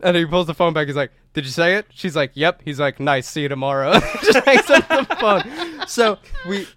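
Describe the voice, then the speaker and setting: A young man co-hosting a podcast, telling a family story in a lively, profane way and acting out the voices of the people in it. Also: a little high, moderate pace. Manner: animated, profane, acts out quoted voices. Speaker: podcast co-host. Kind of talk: casual storytelling chat.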